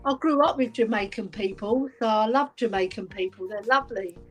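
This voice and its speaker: A woman co-hosting a casual chat, talkative and quick to laugh. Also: medium pitch, slightly rough, soft background music. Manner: chatty, laughs often.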